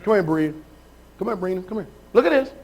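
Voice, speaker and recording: A male pastor with a notably high voice for a man, preaching live. He keeps calling people up and checking in with the crowd in a loose, conversational way. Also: animated, fast talker, husky. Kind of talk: live sermon.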